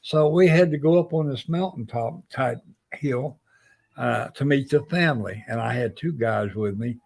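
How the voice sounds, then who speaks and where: Gravelly older male storyteller. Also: medium pitch, normal speed. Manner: lively storyteller who acts out quoted voices. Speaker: Navy veteran guest. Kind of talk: spoken anecdote.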